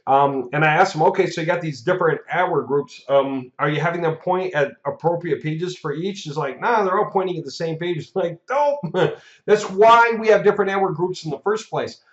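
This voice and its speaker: Man, fairly high voice, chatty casual update, hiccups, laughing, roomy sound. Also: normal speed. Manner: chatty, laughs often, restarts and fillers. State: has the hiccups. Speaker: marketing course host giving an update. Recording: echoey room, dull lo-fi sound.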